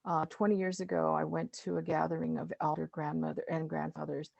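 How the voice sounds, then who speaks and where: A middle-aged woman speaks in a very low, gravelly voice, pausing often with fillers and restarting her thoughts. Her talk is casual and conversational, like a guest on a video call. The sound is dry and close, with no room around it. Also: little pitch movement, darkish tone, no room sound, dull audio. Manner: halting, many fillers and restarts. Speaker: guest speaker, master gardener.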